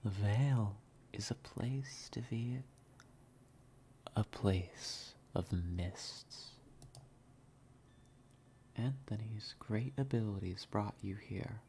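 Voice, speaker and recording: A man voicing an ominous unseen male figure in a breathy whisper, slow and drawn out, as whispered role-play. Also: on the low side, dark tone, a little hiss or hum.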